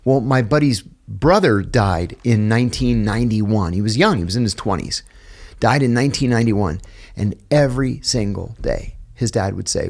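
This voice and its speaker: This is a middle-aged American podcast guest, his fairly low voice creaky and his speed normal. Casually telling personal stories, he acts out quoted voices with gusto and laughs at what he's recounting.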